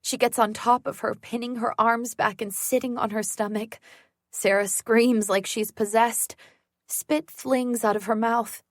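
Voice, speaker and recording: Woman audiobook narrator, tense first-person thriller read, slow pace, dry sound. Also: on the high side, fairly even intonation, dry recording.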